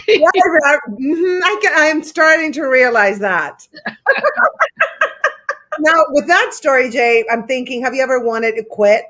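A woman's voice: high-pitched, lively intonation, measured pace, a bit bright. A woman hosting a casual interview, laughing often and asking encouraging questions. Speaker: podcast host.

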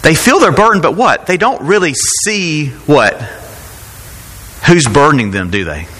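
A man's voice: on the high side, big pitch swings, unhurried, bright, forceful tone, in a large hall. A man preaching a sermon as pastor, talking in a conversational way and asking rhetorical questions.

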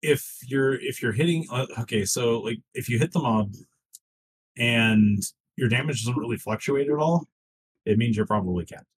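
A man's voice: medium pitch, moderate pace, slightly rough. A man co-hosting a casual gaming podcast, laid-back and casually profane. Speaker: podcast co-host. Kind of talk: casual podcast chat about an online game.

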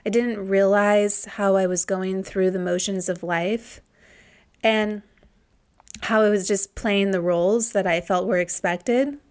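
A woman's voice: medium pitch, fairly even intonation, measured pace, darkish tone. A woman in her thirties hosting a podcast, telling a personal story in a reflective, heartfelt way. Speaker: podcast host.

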